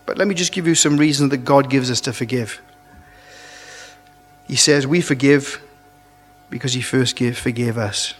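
A man preaching a sermon, earnest and halting, often restarting his phrases and pushing up into emphatic rises. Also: medium pitch, husky. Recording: long reverb of a large hall.

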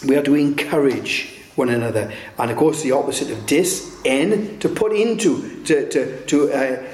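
In a noticeably echoey room, a male preacher gives a sermon in a middle-pitched, slightly mellow voice. He speaks in halting bursts, restarting phrases and adding tag questions, with a bit of background noise behind him.

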